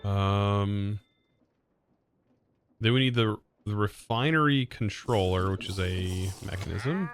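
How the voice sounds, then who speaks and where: A man's voice: lowish voice, slow, noisy background. A young man streaming a game live, thinking aloud in a hesitant way and often correcting himself mid-sentence. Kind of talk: live gameplay commentary.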